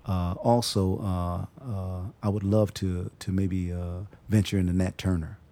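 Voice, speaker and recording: In a low-pitched, warm voice with flat delivery, an actor speaks casually as an interview guest about his work. He restarts and repeats words as he goes and demonstrates voices.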